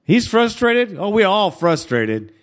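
A man hosts a fan call-in radio show, cheering on callers and urging them to stay positive. His voice sits a bit high, and he talks with an easy, brotherly manner. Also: big pitch swings, slow. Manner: upbeat, addresses callers as brother. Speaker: radio host. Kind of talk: sports talk radio.

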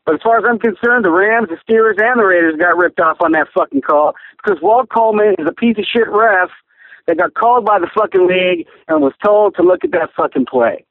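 A man's voice: high-pitched, lively intonation, brisk, no echo. A man phoning in an angry, profane rant, cursing constantly. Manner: profane, furious ranting. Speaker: caller. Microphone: phone. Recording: tinny phone line.

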